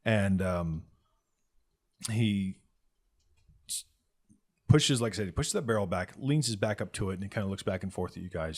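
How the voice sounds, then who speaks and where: Lively man narrating a tabletop game. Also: sits low, moderate pace, long pauses. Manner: loose, conversational narration with fillers. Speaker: game master.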